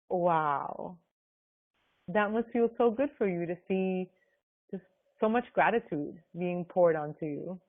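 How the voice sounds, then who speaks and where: Woman, warm-hearted team leader gushing praise on a call; tinny line. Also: mid-range voice. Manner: gushing, effusive, lots of fillers. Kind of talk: conference call chat.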